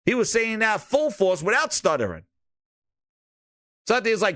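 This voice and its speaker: Solo male gaming host, loud mocking rants, higher voice, dry close mic. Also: normal speed, pauses often, dry recording. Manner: profane, mocking, animated. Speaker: podcast host. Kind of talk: casual gaming rant.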